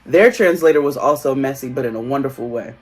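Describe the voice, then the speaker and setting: A co-host of a reality-TV recap show, chatting casually and profanely, laughing often and acting out quotes in big high voices. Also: fast, slight background noise. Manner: laughs often while talking. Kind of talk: casual pop-culture recap chat.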